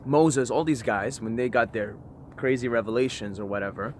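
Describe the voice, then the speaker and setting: A man speaks to his camera outdoors near a forest, his voice mid-pitched and ordinary. He talks emphatically in a preachy way, swearing and repeating phrases. Faint traffic noise hums in the background. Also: moderate pace. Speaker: vlogger. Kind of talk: impassioned outdoor monologue.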